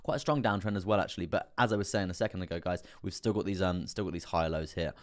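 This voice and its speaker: A man's voice: low-pitched, fast. A young man hosting a live stream, chatting casually through chart analysis, full of fillers and repeated phrases and talking to viewers directly. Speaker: crypto live stream host.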